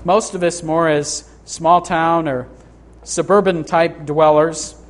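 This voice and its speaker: A middle-aged pastor preaching a sermon to his congregation, his voice a touch higher than most men's. He speaks earnestly, slowing down for scripture and lifting his voice on the key points. A faint hum of room noise sits under him. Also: steady tone. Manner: earnest, rises in pitch for emphasis, reads scripture slowly. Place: church sanctuary.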